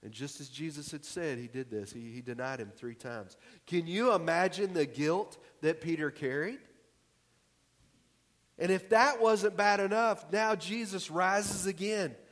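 Male pastor, high-ish voice, easy conversational sermon, long church reverb. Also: a little slow, a bit bright. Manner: conversational, emphatic preaching. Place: church hall.

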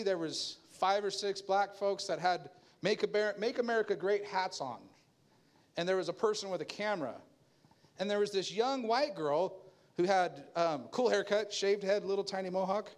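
A man preaching a sermon, talking straight to his congregation in a loose, conversational way and acting out the people he quotes. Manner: animated, jumps into a higher voice to act out quoted people; conversational preaching with asides and laughs. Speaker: pastor.

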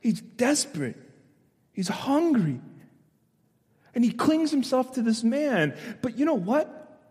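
Guy preaching a sermon, pretty high voice, acts out the quotes, gets loud and punchy, long church echo. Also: takes it slowly. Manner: animated storytelling, voices quotes, builds to loud emphatic preaching. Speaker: pastor.

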